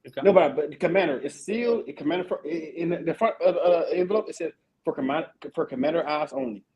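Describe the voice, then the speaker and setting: A man hosting a casual veterans' podcast, telling army stories in a profane, animated way with lots of repeated fillers. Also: on the high side, fast, poor audio. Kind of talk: casual chat.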